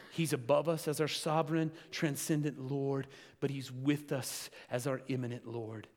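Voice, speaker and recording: Man, pastor, sermon, emphatic preaching, slightly higher voice, long hall echo. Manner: builds to loud emphatic preaching.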